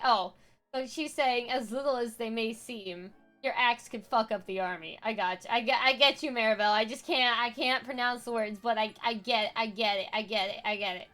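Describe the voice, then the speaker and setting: Woman cracking jokes between lines, casual, high voice. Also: normal speed, fairly bright tone, faint music behind. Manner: casual and wry. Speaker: voice actor reading game dialogue. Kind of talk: joking commentary between lines.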